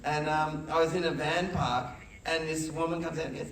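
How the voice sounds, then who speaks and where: A man's voice: fairly high pitch, normal speed, distant mic. A middle-aged man, a film director, telling stories on stage at a festival conversation and acting out the quotes with animation. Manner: animated storyteller, acts out quotes. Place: large festival hall with audience. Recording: echoey hall, mic heard from afar.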